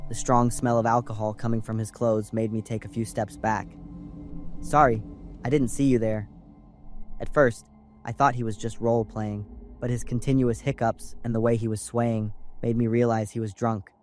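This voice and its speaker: A young man from California calmly narrating a scripted first-person horror story. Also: fairly low pitch. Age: young adult. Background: faint music.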